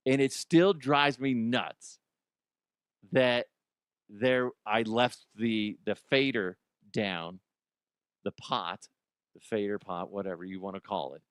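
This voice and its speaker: A man's voice: fairly low pitch, slow, pauses often, clear, resonant tone, no echo, studio quality. A middle-aged man hosting a radio show, telling stories in a profane, self-deprecating, rambling way. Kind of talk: casual comedic talk radio monologue.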